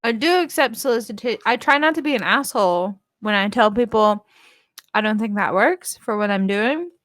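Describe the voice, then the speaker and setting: A woman co-hosting a casual live stream, playful and quick to laugh. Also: fairly high pitch, animated, a bit bright, dry recording, studio quality. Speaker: co-host and content creator.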